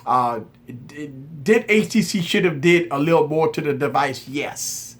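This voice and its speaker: A man's voice: on the high side, lively intonation, measured pace. A man hosting a tech channel, talking straight to his viewers in a casual live chat. He is candid and insistent, repeating himself to stress his point.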